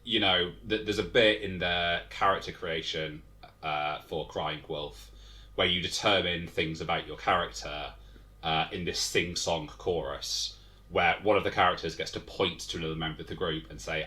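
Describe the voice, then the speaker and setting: Man, young adult, very low pitch, bright forward tone, hesitant, thoughtful, lots of ums. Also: steady tone, moderate pace. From England. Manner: hesitant, thoughtful, many fillers and restarts. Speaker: game designer guest. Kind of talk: casual interview chat.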